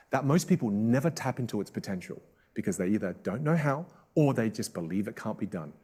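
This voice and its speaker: A man from Australia, a public speaking coach leading a live online class in an emphatic, energetic way. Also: fairly low pitch, breathy edge.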